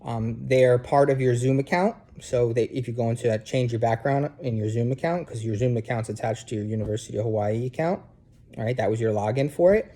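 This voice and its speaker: A man's voice: medium pitch, brisk, warm tone. A man from New Jersey with a New Jersey accent, giving a casual recorded lecture to students from his couch at home, often checking in with "okay?" and filler "um"s. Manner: conversational, checks in with frequent "okay?" and "um". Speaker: instructor. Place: living room at home, sitting on a couch.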